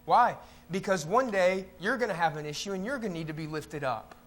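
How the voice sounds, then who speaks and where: A man's voice: high voice, brisk, a bit bright. A man preaching a conversational sermon as pastor in a church, now and then mocking the voices of complainers. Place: church sanctuary.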